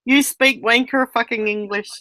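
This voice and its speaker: A woman chats in an online group call, repeating the others' remarks for the room. Her voice sits high and sharply bright. The sound is dry and close, with no room around it. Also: steady tone, normal speed, no room sound, low-quality recording. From Australia. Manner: repeats and relays others' remarks, chatty, laughs easily. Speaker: group voice-chat participant, relays others' words. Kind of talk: casual online voice chat.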